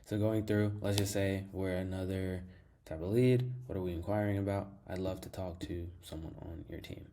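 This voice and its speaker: A man with a low, deep voice guides viewers through a software demo in a casual, upbeat way. His tone is mellow and relaxed, and he leans on fillers and restarts as he explains each step. He sounds like he is talking into a desk mic while sharing his screen. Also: moderate pace, gravelly, slight background noise. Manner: enthusiastic, fills with "like" and repeats himself. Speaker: tutorial host. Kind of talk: casual screen-share tutorial.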